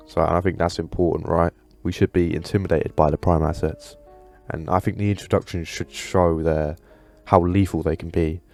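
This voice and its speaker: A man's voice: deep voice, vocal fry, darkish tone. A man hosting a casual commentary video, enthusiastic and rambling, with lots of fillers. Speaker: gaming video host.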